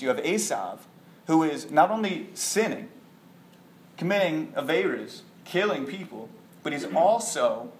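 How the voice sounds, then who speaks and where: A man giving an informal Torah talk, animated and conversational, full of rhetorical questions. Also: medium pitch, a little hiss or hum. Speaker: Torah teacher. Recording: echoey room.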